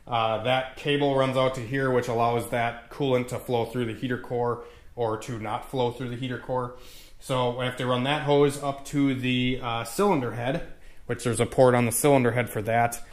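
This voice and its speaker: A young car tuning vlogger walks through garage work casually, with a medium-pitched voice, fairly even intonation and a moderate pace. He rambles, curses a lot and leans heavily on fillers.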